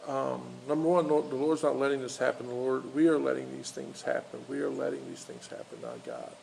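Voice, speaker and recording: A man preaching an informal sermon, telling a story with many pauses, fillers and restarts. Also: mid-range voice, expressive, gravelly, a little mellow, a little hiss or hum, rough recording. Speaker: pastor. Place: outdoors in a park.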